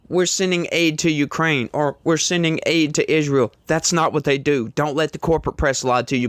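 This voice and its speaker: A man's voice: medium pitch, a bit bright, no echo, clean studio sound. A man hosting a casual political commentary show, speaking emphatically and indignantly straight to his viewers.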